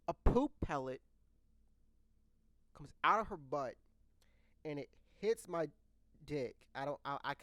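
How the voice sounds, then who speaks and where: Young guy doing a storytime, bright sharp voice, laughs a lot, stumbles and restarts, swears, dry close sound. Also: a little high, dry recording. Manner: swears casually, addresses viewers directly. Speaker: vlogger telling a story. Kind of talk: casual storytime monologue.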